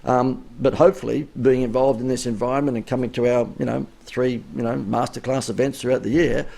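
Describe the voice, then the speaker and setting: A man's voice: medium pitch, fairly even intonation, fairly quick, vocal fry, mellow. A man giving a chatty, emphatic live-streamed business coaching talk, his voice wearing out. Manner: chatty, emphatic, rising inflection.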